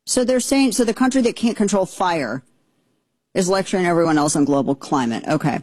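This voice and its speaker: Exasperated woman commentator, low voice. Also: lively intonation, a little fast, darkish tone, no room sound. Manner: indignant, exasperated, rambling with restarts. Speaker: political commentary host. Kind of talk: opinionated commentary.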